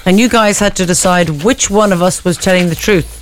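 A woman with an Irish accent co-hosting a morning radio show, telling a story in a chatty, animated way. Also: lowish voice, a little fast, slight background noise. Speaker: radio co-host. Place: radio studio.

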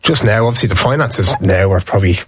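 Fast-talking husky man. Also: lowish voice. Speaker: former footballer, podcast guest. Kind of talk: casual chat.

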